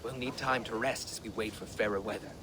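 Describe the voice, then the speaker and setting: A man's voice: fairly low pitch, fairly even intonation, a little fast, pushed and bright, slight background noise. A man voicing a hearty Norse chieftain in a video game. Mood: festive.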